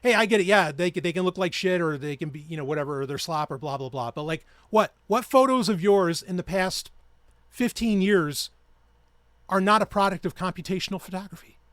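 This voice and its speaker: A man's voice: high-pitched, brisk, fairly bright tone, dry recording. A man hosting his own podcast, ranting in a heated, profane and sarcastic way. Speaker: podcast host. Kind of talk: ranting solo podcast talk.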